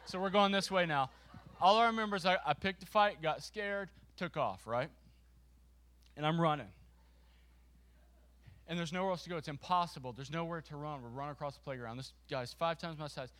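A man preaching to a congregation, telling a funny story with a volunteer on stage, lively and self-mocking. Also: fairly high pitch. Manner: lively and self-mocking, with quick restarts and laughter.

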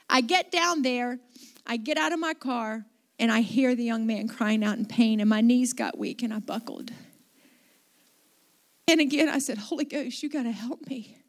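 A woman's voice: on the high side, measured pace, pauses often. A middle-aged woman pastor telling a story in a conversational sermon, with restarts and asides.

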